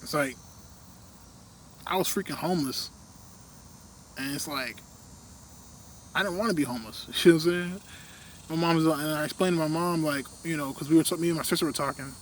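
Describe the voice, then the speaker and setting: A young man in a casual, rambling rant, full of fillers, often trailing off quietly at the ends of his thoughts. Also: on the high side, a little fast, long pauses, a little hiss or hum.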